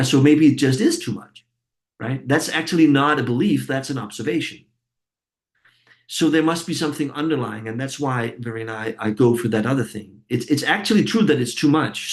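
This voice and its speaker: Gravelly-voiced man teaching a training group. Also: medium pitch. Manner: reflective, repeats words as he thinks aloud. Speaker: facilitator and course trainer.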